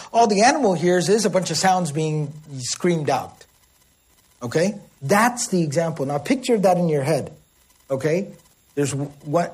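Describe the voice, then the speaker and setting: A man giving a religious lesson, explaining Arabic words and reciting Arabic passages quickly, often checking in with his listeners. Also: sits high, darkish tone, breathy edge. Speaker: Quran teacher.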